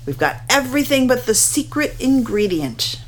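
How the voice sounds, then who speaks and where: A woman voicing a calm, steady elderly grandmother in a storybook read-aloud, with a soft, croaky, gently encouraging voice. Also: on the high side, moderate pace, pitched above the performer's own voice. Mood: reassuring.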